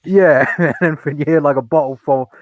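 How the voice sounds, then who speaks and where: A British man chatting casually as a guest, blunt and quick to laugh. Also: a little high, no echo, highs cut off. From United Kingdom. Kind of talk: casual chat.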